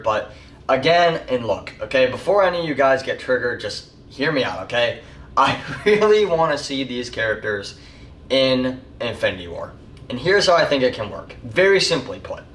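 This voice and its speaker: A man's voice: mid-range voice, fairly bright tone, a little hiss or hum. A man giving a rambling, casual spoken TV show review, full of fillers. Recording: echoey room, mic far off.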